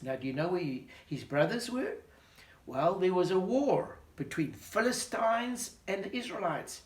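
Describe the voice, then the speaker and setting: Brief: a storyteller man retelling a Bible tale for kids, animated, asks questions, roomy sound. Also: high-pitched, moderate pace. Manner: animated, questioning, talks to a listener. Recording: roomy echo.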